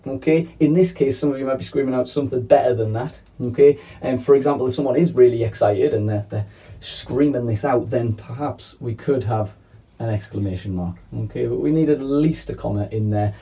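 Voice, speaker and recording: A man's voice: mid-range voice, brisk, mellow, distant mic. A man teaching a children's video lesson in a playful, chatty way, often checking in with "okay?". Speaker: primary school teacher.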